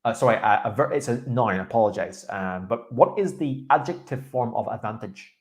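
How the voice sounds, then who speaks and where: A young man coaching a student after a mock speaking test. His pitch sits in the middle, and he sounds encouraging. He says corrected words slowly and clearly as he models them. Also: lively intonation. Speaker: IELTS speaking teacher.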